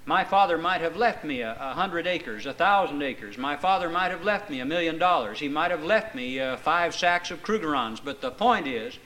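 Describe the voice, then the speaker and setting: A man's voice: fairly high pitch, animated, moderate pace, hardly any pauses, sharp tone, low-quality recording. A middle-aged male preacher giving a conversational sermon to a congregation, with folksy asides and rhetorical questions. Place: church meeting before a congregation.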